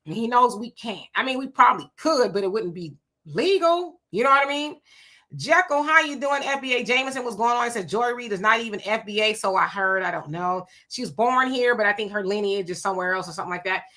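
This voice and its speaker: A woman's voice: on the high side, lively intonation, fairly quick, bright, forceful tone. A woman hosting a live stream, chatting casually and giving opinions as she reads viewer comments. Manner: chatty, opinionated, laughing asides. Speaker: livestream host.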